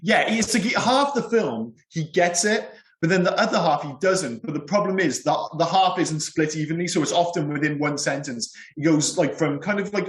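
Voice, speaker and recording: A man's voice: a little high, normal speed, few pauses. A man, co-hosting a casual film podcast, talking bluntly and at length. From Wales. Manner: candid, blunt, rambling opinions. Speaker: podcast co-host. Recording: roomy echo.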